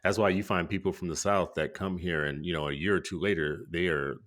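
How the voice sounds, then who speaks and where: Man, co-host, very deep voice, relaxed casual chat. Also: fairly quick. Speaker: podcast co-host.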